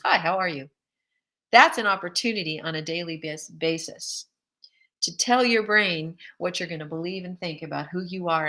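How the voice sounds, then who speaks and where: A woman hosting a faith-based encouragement show, talking in an energetic, emphatic way, often laughing and acting out little quoted exchanges. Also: lowish voice, rough recording.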